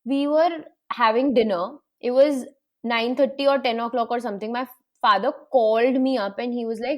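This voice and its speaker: A young woman, a guest telling stories in an animated way. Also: a little high, normal speed. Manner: animated storyteller, acts out quoted voices. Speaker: panel guest. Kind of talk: casual storytelling in a panel chat.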